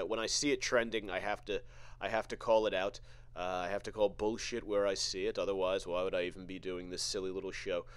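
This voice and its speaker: A man hosting a podcast, delivering a profane, sarcastic comedic rant full of halting restarts. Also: fairly low pitch, no echo. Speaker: podcast host.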